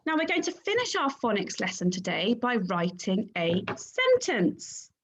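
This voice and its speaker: A woman teaching a phonics lesson to young children, sounding out letters and syllables clearly and praising the class. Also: mid-range voice, huge pitch swings, a little slow, a little hiss or hum. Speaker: primary school teacher.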